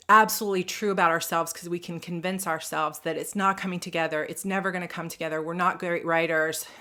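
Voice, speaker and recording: A woman's voice: on the low side, sharp tone. A woman writer in her thirties giving casual advice in a vlog, chatty, with lots of fillers and her own quoted thoughts acted out. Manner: chatty, lots of "like" and "you know", acts out her own past dialogue. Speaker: writer vlogger.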